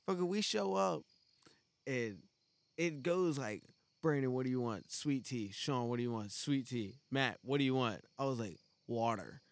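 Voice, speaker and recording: A man's voice: mid-range voice, normal speed, vocal fry, no room sound. A young man on a casual podcast, telling a profane family story full of laughter and acted-out quotes. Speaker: podcast co-host.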